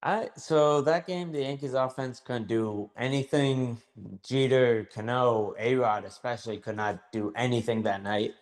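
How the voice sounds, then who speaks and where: A man's voice: mid-range voice, measured pace. A man co-hosting a podcast in casual chat, carefully recalling details as he talks. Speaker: podcast co-host.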